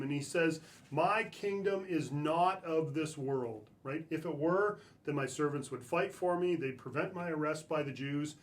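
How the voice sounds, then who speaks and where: A man with a somewhat high voice giving a church message. He reads a scripture passage aloud, then unpacks it in a relaxed, conversational tone, often tossing in "right?" to keep listeners with him. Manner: casual, checks in with "right?". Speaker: church speaker. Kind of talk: scripture reading and conversational sermon.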